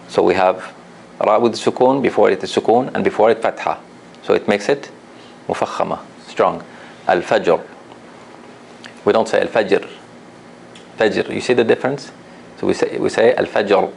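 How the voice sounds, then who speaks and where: Gravelly low-voiced man teaching a class. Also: a little mellow, a little hiss or hum. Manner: patient, repeats examples slowly, asks class questions. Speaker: Quran recitation teacher. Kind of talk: classroom lesson.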